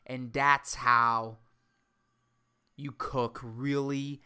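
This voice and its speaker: A woman hosting a solo podcast, ranting sarcastically and swearing often, jumping between loud outbursts and low mutters. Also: steady tone, extremely slow, smooth. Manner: profane, rambling and sarcastic, says dude a lot. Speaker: podcast host.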